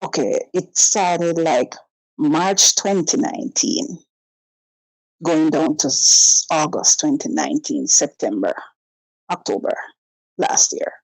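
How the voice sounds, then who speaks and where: A woman's voice: low voice, takes it slowly, creaky, long pauses, no room sound, rough recording. A woman, calling in and telling a personal story in a casual way, acting out both sides of the conversations. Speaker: caller.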